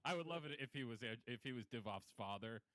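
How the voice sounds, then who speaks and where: A man's voice: medium pitch, expressive, fast, fairly bright tone. A man in casual conversation about a film, tossing in playful jokes. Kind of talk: casual film-discussion chat.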